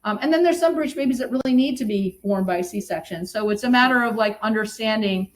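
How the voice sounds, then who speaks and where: A middle-aged woman, a birth educator, explaining in lively conversation and sometimes acting out what new mothers say. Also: a little high, fairly quick, low-quality recording. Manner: animated, acts out quoted moms.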